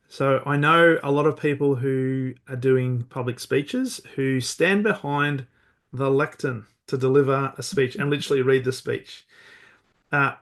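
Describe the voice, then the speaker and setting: A man's voice: medium pitch, fairly bright tone. A man hosting a podcast interview, responding thoughtfully and asking long questions with frequent restarts. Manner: thoughtful, supportive, restarts often. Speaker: podcast host.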